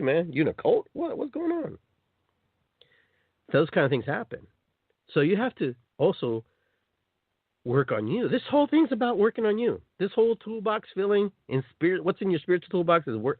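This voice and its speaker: Animated man hosting a spiritual radio talk. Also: medium pitch, no echo, narrow, tinny audio. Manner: animated, acts out little scenes in playful voices. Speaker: host. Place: radio show.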